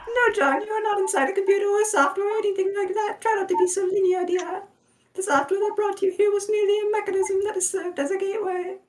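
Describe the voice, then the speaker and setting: A woman's voice: very high voice, fairly even intonation, fast, low-quality recording. A woman voicing a mischievous, cryptic old grandmother ghost, with a doddering and affectionate manner. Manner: doddering and affectionate, calls people dear. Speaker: reader in a group readthrough. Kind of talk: live unscripted fan script reading.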